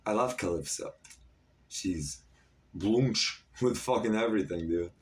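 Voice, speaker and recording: Speaking at a measured pace in a lowish voice, a thirty-something man delivers a meandering monologue to camera. His talk jumps around, broken up by plenty of filler words, and the mic picks him up from a slight distance.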